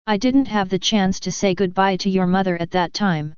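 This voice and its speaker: A woman reading the part of a grieving father who speaks coldly to his estranged daughter, in a smooth, clear voice. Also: mid-range voice, steady tone, normal speed, no echo, close to an everyday voice. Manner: cold, clipped. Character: bitter grieving father, cold and ashamed. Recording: dull lo-fi sound.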